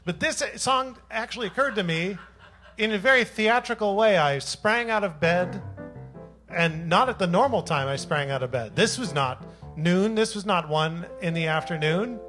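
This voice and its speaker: A fairly high-voiced man talks from a small jazz club stage, playful and joking as he leads into his own song. A faint trace of music sits behind him. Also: animated, moderate pace, bright, forceful tone. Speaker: singer-songwriter. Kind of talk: stage banter between songs.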